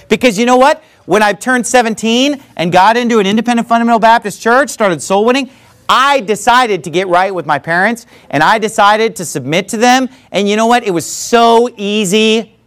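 A man's voice: high-pitched, animated, moderate pace, fairly bright tone. A man preaching a sermon in an emphatic, conversational way, full of repeated asides. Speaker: pastor.

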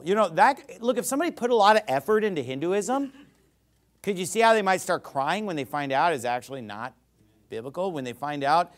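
A man's voice: high-pitched, animated, a little fast. A male pastor preaching a sermon, acting out imagined speakers as he teaches.

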